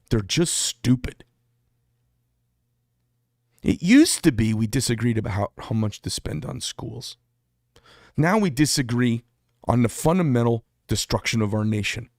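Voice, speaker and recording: A man's voice: medium pitch, no echo, clean studio sound. A man hosting his own channel, delivering a blunt, heated and profane political rant. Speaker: channel host.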